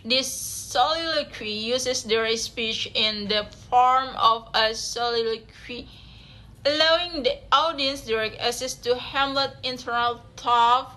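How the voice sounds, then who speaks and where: A woman's voice: on the high side, pushed and bright. A young woman, reading a class presentation aloud, carefully, with small slips and self-corrections. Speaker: student presenter.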